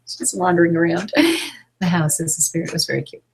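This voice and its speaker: Low husky-voiced woman teacher. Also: fairly even intonation, low-quality recording. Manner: halting, many fillers and restarts. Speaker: spiritual teacher leading an online class. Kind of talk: casual teaching, reading out questions.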